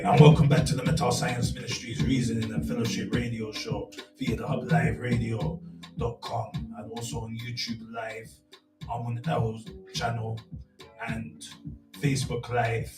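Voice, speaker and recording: A man with a Nigerian accent hosting a casual radio chat show, animated, often checking in with "you get me". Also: mid-range voice, roomy sound, recorded from a distance, poor audio.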